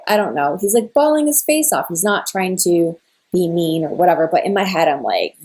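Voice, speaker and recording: A woman's voice: mid-range voice, lively intonation, moderate pace. A young woman telling a personal story in a casual, rambling way, full of "like" and emotional retellings of a conversation. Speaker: spiritual content creator.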